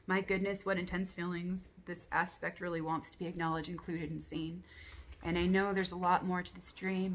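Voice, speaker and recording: A woman's voice: on the low side, gravelly, fairly bright tone. A woman recounting a dream from her journal, blunt and candid with frequent swearing, intense and reflective.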